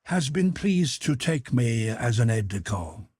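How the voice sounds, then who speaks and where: A man's voice: medium pitch, very animated, a little slow, a little mellow, husky, dry recording, clean studio sound. A man reading a curt, weary young prince. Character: weary, bored young aristocrat.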